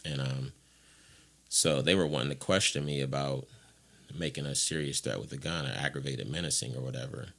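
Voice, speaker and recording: A man from Ohio with an extremely low, deep voice tells his own story as a podcast guest. He talks frankly and rambles, and he slips into voicing the people in the story. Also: brisk, creaky, a bit bright. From Ohio, USA. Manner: frank, rambling, acts out what others said. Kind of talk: candid personal storytelling.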